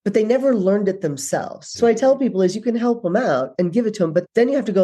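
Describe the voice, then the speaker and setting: A woman guest on a podcast, a leadership speaker, talking in a brisk, direct way and acting out dialogue in her stories. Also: medium pitch, animated, warm tone. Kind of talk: casual interview chat.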